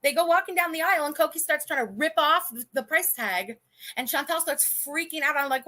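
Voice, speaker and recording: Woman in her 30s, livestream host, high and bright, blunt and foul-mouthed, rambling. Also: animated, brisk. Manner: blunt, profane and indignant, rambling with restarts. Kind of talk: casual livestream commentary.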